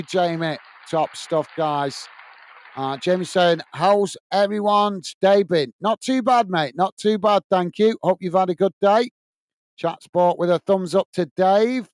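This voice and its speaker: An English man with a high, smooth, clear voice hosts a live fan watch-along stream, commentating on a football match. Chatty and openly partisan for his own team, he reads viewer comments aloud between passages of play. The sound is close and dry, with no room or echo.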